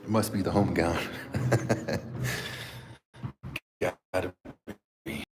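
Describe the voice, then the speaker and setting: A man's voice: sits low, fairly even intonation, extremely slow, noisy background. A man chatting casually on a live stream outdoors in the cold mountains, out of breath, rambling and joking to himself.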